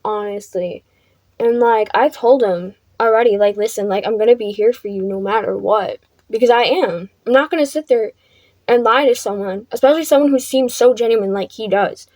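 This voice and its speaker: A woman's voice: on the high side, moderate pace, a little mellow, dry recording. A young woman vlogger telling a casual storytime, chatty, filling her talk with "like" and swearing freely.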